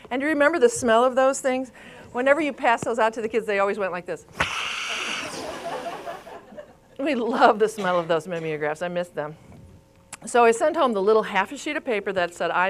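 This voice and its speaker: A woman's voice: mid-range voice, slight background noise. A woman in her fifties, a speech therapist giving a live continuing-education lecture, telling stories and quizzing her audience. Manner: chatty, storytelling, quizzes the audience. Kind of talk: live lecture to a room and online viewers.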